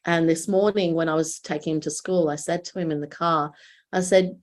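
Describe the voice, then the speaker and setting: Podcast co-host: Australian woman, 30s, chatty storyteller with a lower-pitched voice. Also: moderate pace. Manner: storytelling, quoting her children. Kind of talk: casual chat.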